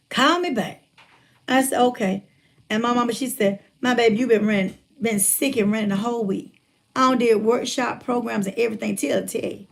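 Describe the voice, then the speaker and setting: A motivational speaker telling a personal story in a casual, folksy way, retelling conversations and calling listeners by name, still getting over a chest cold. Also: female voice, fairly high pitch, creaky. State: recovering from chest cold, congested breathing. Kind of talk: casual testimony talk.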